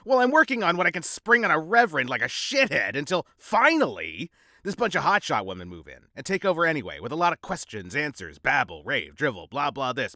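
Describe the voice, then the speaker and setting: A man's voice: a little high, sharp tone, no room sound, studio quality. A man narrating a novel in first person, with a sardonic, rambling, wry delivery. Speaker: audiobook narrator.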